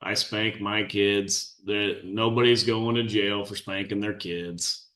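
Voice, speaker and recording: A man's voice: fairly low pitch, fairly even intonation, takes it slowly, pushed and bright, reverberant. A middle-aged man, a podcast host, giving blunt, scornful commentary on a clip.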